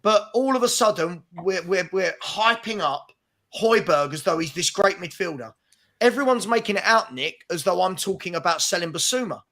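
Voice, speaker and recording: A man hosts a live football talk show and rants at length. His voice sits high and sounds bright and forceful. He keeps pressing his points insistently. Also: lively intonation, normal speed. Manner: ranting, insistent. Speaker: host. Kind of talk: heated football chat.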